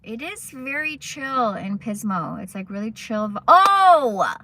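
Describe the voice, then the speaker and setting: A young woman livestream host chats casually in a fairly high, sharp voice, very animated yet measured in pace. She rambles through stories packed with swearing and side comments.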